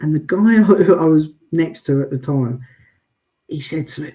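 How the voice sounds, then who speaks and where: A man telling stories as an interview guest, chatty and deadpan, often adding "I'll be honest with you.". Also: fairly high pitch, moderate pace. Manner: self-described sarcastic and deadpan, frequent "I'll be honest with you"; chatty storyteller with many restarts. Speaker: guest, wheelchair athlete. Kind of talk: casual interview chat.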